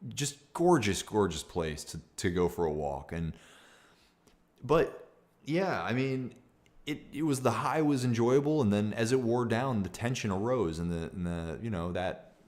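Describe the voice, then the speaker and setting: A young man with a very low voice chats candidly on a livestream, circling back on himself with restarts and fillers. He talks loosely and openly, like thinking out loud. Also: lively intonation, measured pace. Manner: reads viewer comments aloud. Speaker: streamer. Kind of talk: casual livestream talk.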